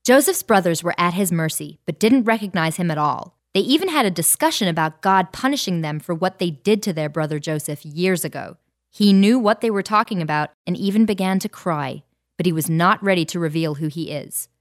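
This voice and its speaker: A woman narrating a clear, explanatory summary between Bible story readings. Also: lowish voice, lively intonation, fairly quick.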